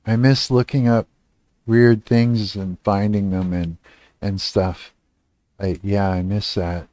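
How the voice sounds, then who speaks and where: A man's voice: fairly low pitch, flat delivery, slow, a little mellow, no echo. A man in his thirties from Canada, chatting casually on a livestream, rambling and swearing, trailing off and laughing often.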